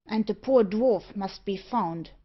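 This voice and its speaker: A woman reading the part of a troubled, defiant gentleman who speaks earnestly and firmly. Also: medium pitch, takes it slowly, husky, lo-fi sound.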